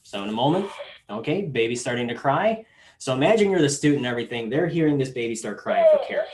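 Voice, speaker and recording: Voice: medium pitch, wildly swooping pitch, fast talker, noisy background. This is a product support trainer leading a hands-on demonstration, explaining each step in order. The delivery is plain and instructional, with casual filler words here and there.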